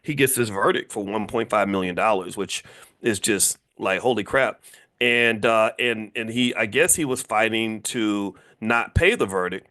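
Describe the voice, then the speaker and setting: Emphatic lower-voiced man lecturing. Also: a little slow, bright, forceful tone. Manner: emphatic, repetitive, rhetorical questions. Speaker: finance educator and commentator. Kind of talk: casual lecture to an audience.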